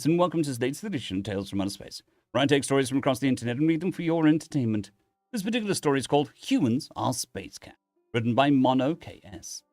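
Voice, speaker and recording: A man narrating internet science fiction stories aloud, reading in a lively way and correcting his slips. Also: mid-range voice, dry recording, clean studio sound. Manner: lively, animated reading with restarts. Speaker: story narrator.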